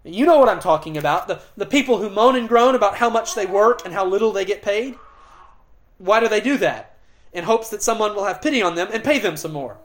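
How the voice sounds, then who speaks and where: Earnest preaching man, emphatic pauses. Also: high-pitched, lively intonation. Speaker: pastor. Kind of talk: expository sermon.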